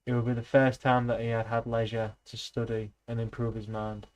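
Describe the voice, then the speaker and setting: A man's voice: mid-range voice, completely flat delivery, a little fast, a little mellow, poor audio. A man reading a novel aloud in a loose, casual way, with slips and restarts. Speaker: reader, streamer.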